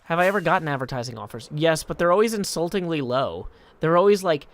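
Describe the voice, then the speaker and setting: A man's voice: a little high, lively intonation, fast, slight background noise. A man live-streaming a game, reading chat messages aloud and answering them in a wry, self-deprecating way.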